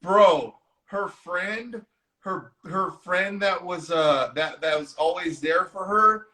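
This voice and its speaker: Excitable man with a bright voice. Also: high voice, slow, poor audio. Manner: excitable, laughing, swears freely. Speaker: co-host. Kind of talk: casual movie discussion. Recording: online live stream.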